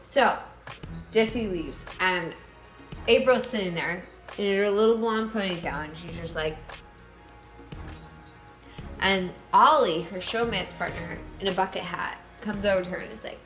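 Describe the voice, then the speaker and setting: A woman's voice: medium pitch, a little slow, long pauses, fairly bright tone, faint music behind. Woman host, gossipy comic storyteller, echoey room. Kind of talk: comic drunk-history retelling.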